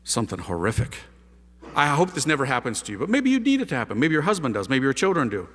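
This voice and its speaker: Animated man preaching in a reverberant hall. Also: medium pitch, fast. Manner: lively storyteller, casual slang, rhetorical questions. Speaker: priest giving a conversion testimony. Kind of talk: animated testimony talk to an audience. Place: large hall with a live audience.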